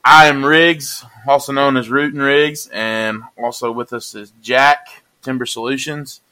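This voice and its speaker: A man's voice: mid-range voice, steady tone, a little slow, sharp tone. A man from Mississippi, hosting a casual farming podcast and chatting with a laugh. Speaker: podcast host.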